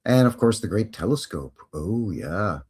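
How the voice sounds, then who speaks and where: A male host talks through history on a live stream in a loose, chatty way, full of jokes and side remarks. His voice swings widely in pitch as he rambles. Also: animated, unhurried, a little mellow, slightly rough. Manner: chatty, joking, rambling asides.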